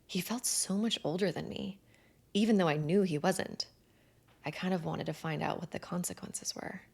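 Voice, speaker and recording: A woman narrating a first-person romance novel in an expressive, animated way with breathy asides. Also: fairly low pitch, normal speed. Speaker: audiobook narrator.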